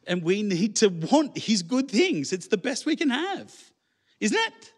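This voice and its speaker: A man's voice: sits high, sing-song, unhurried. A man preaching a sermon in church, conversational and full of rhetorical questions to the congregation. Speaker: pastor.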